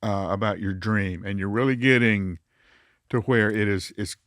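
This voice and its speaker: A man's voice: on the low side, fairly even intonation, moderate pace, a bit bright, dry recording, studio quality. A man hosting a podcast interview, asking plain questions and chiming in with short affirmations. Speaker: podcast host. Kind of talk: casual interview.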